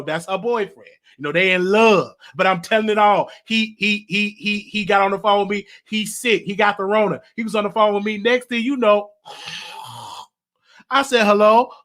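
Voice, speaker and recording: A man hosting a casual monologue, animated, stammering and repeating himself. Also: high-pitched. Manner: animated, repetitive, stammering restarts. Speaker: show host.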